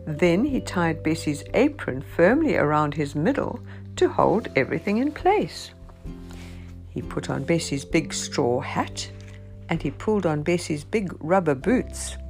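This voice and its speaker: Female storyteller reading a picture book aloud, gravelly low voice, sing-song delivery. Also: sing-song, unhurried, darkish tone, faint music behind.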